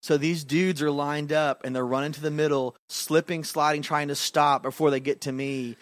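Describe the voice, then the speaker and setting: Animated man telling a camp story. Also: a little high, normal speed, dry recording. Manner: animated, acts out quotes, laughs often. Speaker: podcast co-host, youth pastor. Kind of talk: casual storytelling chat.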